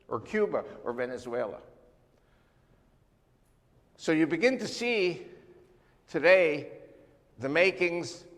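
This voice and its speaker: A man's voice: fairly high pitch, big-room sound. Older man lecturing in a church. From United States. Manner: emphatic, animated lecturing with sweeping lists. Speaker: guest speaker. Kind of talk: church talk on world politics.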